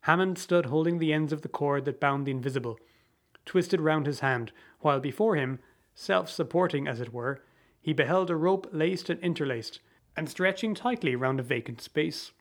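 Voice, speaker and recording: A man narrates a story aloud in a slightly raised, fairly high voice. His reading is measured and theatrical, giving it the dramatic feel of an audiobook.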